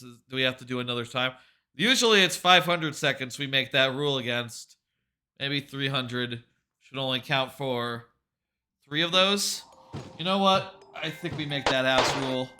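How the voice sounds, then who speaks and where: A young man chats casually while playing a game on stream. His voice sits a bit high, and his talk wanders as he swears offhandedly and repeats words whenever he restarts a thought. Game music plays clearly behind him. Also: pushed and bright.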